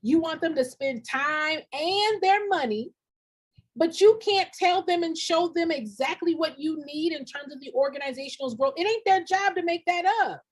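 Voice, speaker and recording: A middle-aged woman with a very high voice, speaking at normal speed, is a nonprofit grant consultant giving a live-streamed motivational talk. She's direct and preachy, repeats lines for emphasis, and talks colloquially, saying y'all and ain't.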